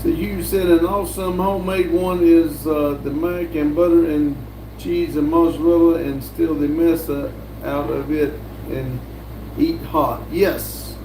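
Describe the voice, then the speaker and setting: A man hosting a live stream, his voice a bit high for a man and his pace unhurried and drawling. He reads chat messages aloud and chats back casually. The sound is roomy and echoey, with a faint hiss behind him. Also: fairly even intonation, mellow. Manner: slow, drawling, reads comments aloud with fillers. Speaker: livestream host reading chat. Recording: echoey room with faint background noise.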